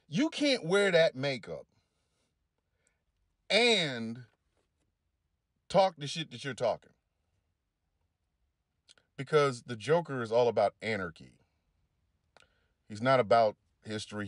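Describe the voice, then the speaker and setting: A man's voice: mid-range voice, big pitch swings, slow pace, long pauses, no echo, studio quality. Man on a heated, profane rant. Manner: heated, heavy swearing, rising into shouty peaks. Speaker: commentator reacting to clips.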